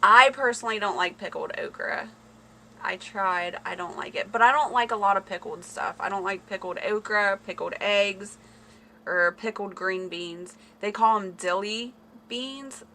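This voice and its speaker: A woman in her home runs a casual livestream on her phone camera, reading viewer comments out loud and laughing along. Her mid-range voice is a little slow, pushed and bright, and the low-quality recording has a faint hiss or hum.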